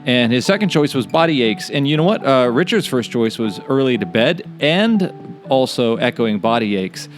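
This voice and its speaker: A man's voice: mid-range voice, sing-song, moderate pace, faint music behind. A man hosting a podcast in an easygoing, chatty way, with upbeat talk and frequent fillers. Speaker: podcast host. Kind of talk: casual podcast chat.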